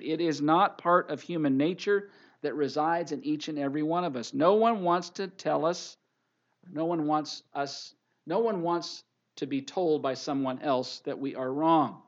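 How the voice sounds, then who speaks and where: Man preaching a sermon, lo-fi. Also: a little high. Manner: repeats scripture references, emphatic preaching. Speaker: pastor.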